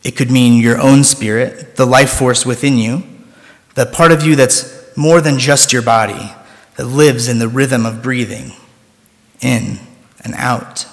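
A male preacher talks at an unhurried, deliberate pace, guiding his listeners through a calm breathing meditation within his sermon. His voice sits at an ordinary middle pitch and drops quiet on the breathing cues. The sound carries a long reverb, as in a large church sanctuary.

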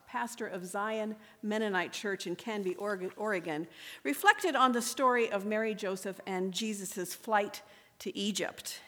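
Woman reading to a congregation, echoing room. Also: medium pitch. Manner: measured, deliberate reading. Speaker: speaker at a worship service. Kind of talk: reading a story aloud to a congregation. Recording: echoey room with long reverb.

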